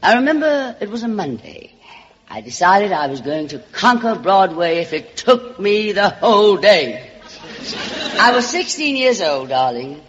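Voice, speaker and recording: A woman's voice: medium pitch, sing-song, a little slow, a faint crowd. A woman with a Southern US accent hosting a radio show. She delivers a comic monologue in a theatrical way and calls people darling. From Alabama. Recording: dull old radio broadcast, reverberant.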